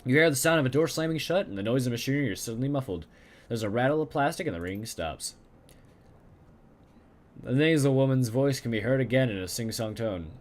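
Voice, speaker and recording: A man playing through a story-driven video game, reading its text aloud at an even pace. Between passages he mutters casual comments to himself in his ordinary speaking voice. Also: medium pitch, fairly quick. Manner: reads narration steadily, mutters casual comments. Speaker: let's play gamer.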